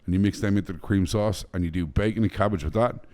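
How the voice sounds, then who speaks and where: Irish man, very low voice, blunt, swears freely, casual podcast chat. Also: quick pace, a little mellow. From Ireland. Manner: blunt, profane storyteller. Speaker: guest chef.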